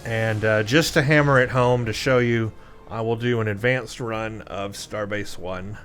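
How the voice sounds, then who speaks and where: A man's voice: lowish voice, steady tone, a little slow, fairly bright tone, slight background noise. Exasperated man narrating his gameplay. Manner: self-deprecating, exasperated musing. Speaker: let's play host. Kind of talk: gameplay commentary.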